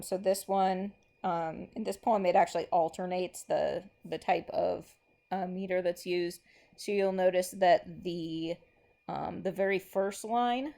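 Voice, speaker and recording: A woman teacher giving a relaxed recorded lesson, thinking aloud with lots of ums and stretching out lines of verse slowly. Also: lowish voice, creaky. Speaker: English teacher.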